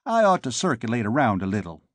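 A man's voice: medium pitch, huge pitch swings, quick pace, no room sound. A man voicing a genial male president who speaks in an easygoing, chatty way. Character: genial older male president, folksy host.

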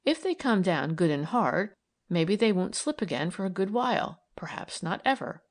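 A woman's voice: mid-range voice, sing-song, moderate pace. A woman reading aloud and voicing an earnest, idealistic young woman who argues eagerly and persuasively.

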